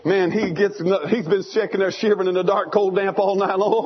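A preacher in a church with a strikingly high, husky voice, telling his sermon with fire and shifting between hushed asides and shouts. The recording is dull and lo-fi. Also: level tone, fairly quick, hardly any pauses. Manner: fiery storytelling, swinging between hushed and shouting.

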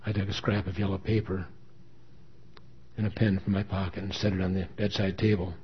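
A man's voice: deep voice, flat delivery, a little fast, breathy edge. A man reading a dramatic first-person story with earnest emotion. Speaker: story reader. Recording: dull lo-fi recording.

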